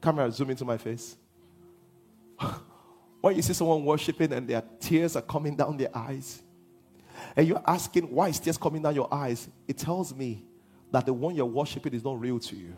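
A man preaching a sermon as pastor, swinging from hushed lines to half-sung shouts. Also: medium pitch, normal speed, husky, faint music behind.

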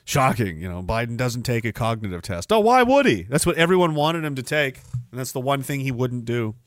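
A man from Canada hosting a podcast, ranting with sarcasm and scorn. His voice sits at an ordinary middle pitch, and it is recorded dry and close, with no room echo. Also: normal speed, pauses often, fairly bright tone. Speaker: podcast host. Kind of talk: ranting livestream commentary.

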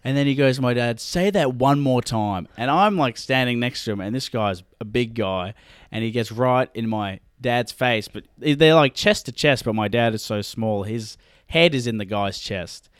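Male co-host, middle-pitched voice, close dry mic, animated storyteller. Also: normal speed, clean tone, no echo. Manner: animated storytelling, laughs often. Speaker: podcast co-host. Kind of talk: casual chat.

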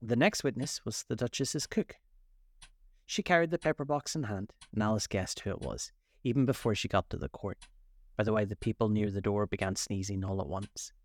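A man narrating a children's classic aloud in a measured, expressive read-aloud style. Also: on the low side, no echo. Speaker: storyteller. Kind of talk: scripted narration.

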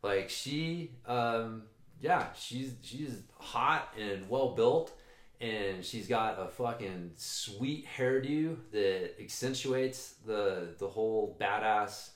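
A man's voice: lowish voice, slow pace. A man in casual chat, telling a long rambling story with swearing and frequent restarts. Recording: roomy echo.

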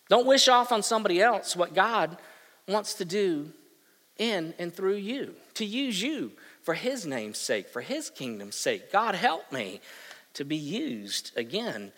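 Animated preacher man in an echoing hall. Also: high voice. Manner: swings from hushed to loud and emphatic. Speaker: pastor. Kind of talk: sermon.

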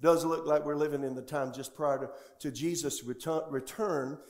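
A man's voice: fairly high pitch, fairly even intonation, moderate pace. A male pastor preaching a sermon in a church sanctuary, often putting questions to the congregation. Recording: echoey church room.

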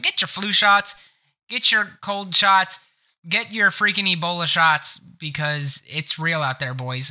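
A man's voice: sits high, bright, forceful tone. A man with a stuffed-up nose hosting a casual gaming podcast, joking and sarcastic as he rambles. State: congested nose. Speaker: podcast host.

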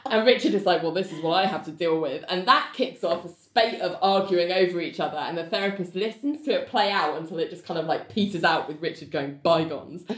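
A woman's voice: on the low side, fairly quick, few pauses, roomy sound. A woman, co-hosting a casual podcast and animatedly recapping a TV episode. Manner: animated retelling, acting out characters' lines with laughs. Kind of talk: casual chat.

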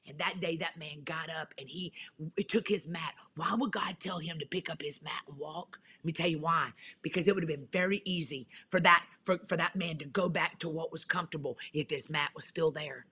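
Husky bright-voiced woman preaching. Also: deep voice, brisk. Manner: fervent, emphatic, folksy slang. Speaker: pastor and author, guest. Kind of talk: preaching-style testimony.

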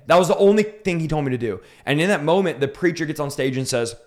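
A man's voice: a little high, quick pace. A man in his thirties telling his conversion story in an interview, fervent and emphatic, building to intense peaks. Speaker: preacher telling his testimony.

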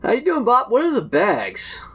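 A man's voice: extremely high pitch, moderate pace, breathy edge, voice pushed up, heavily acted. A man voicing a sassy female barkeep who teases and gushes at the regulars. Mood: gushing. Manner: teasing, gushing, mock-excited.

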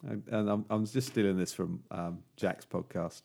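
Creaky-voiced man in casual podcast chat. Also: lowish voice, steady tone, moderate pace, a little mellow. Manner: rambling, with many fillers and restarts. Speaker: podcast co-host. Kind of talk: casual chat and joke telling.

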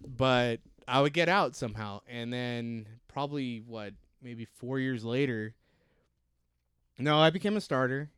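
A man's voice: mid-range voice, measured pace, a bit bright, clear, resonant tone, no room sound, clean studio sound. A man co-hosting a podcast, telling rambling stories about his old playing days and correcting himself as he goes. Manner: rambling, self-correcting storyteller. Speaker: podcast co-host. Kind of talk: casual chat.

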